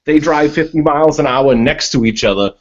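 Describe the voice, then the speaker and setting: A man from Massachusetts telling stories on a group video call, animated and full of swearing. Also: fairly high pitch, brisk. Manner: profane, animated storytelling. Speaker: panelist. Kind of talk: casual storytelling on a group call. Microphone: online video call. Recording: dull lo-fi call audio.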